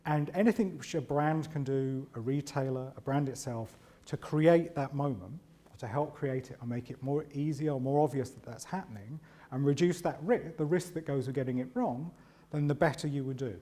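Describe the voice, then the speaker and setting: A man giving a conference talk, chatty and animated, with self-deprecating humour and frequent asides of "right?". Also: mid-range voice, normal speed. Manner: animated and chatty, often tags lines with "right?". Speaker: conference speaker.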